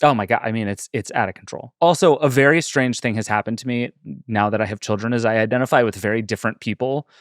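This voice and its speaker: A male podcast host in casual conversation, talking fast and with animation as he tells stories. His voice sits at a middle pitch and sounds close and dry, with no room around it. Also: no echo. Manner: quick-talking, animated storyteller. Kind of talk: casual chat.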